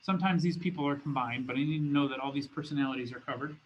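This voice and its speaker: A man's voice: medium pitch, rapid-fire, muffled recording, slight background noise. A man teaching as a business school professor in a recorded lecture, talking in a conversational way and often restarting his phrases. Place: classroom or studio with a document camera.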